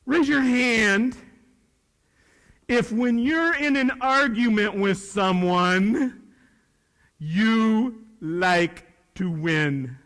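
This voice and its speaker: Older man, retired teacher, high voice, folksy motivational talk, reverberant auditorium. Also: extremely slow, pauses often. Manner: folksy and plainspoken, swings from loud to hushed. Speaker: motivational speaker to high school students. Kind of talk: motivational speech to students. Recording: long reverb of a large hall.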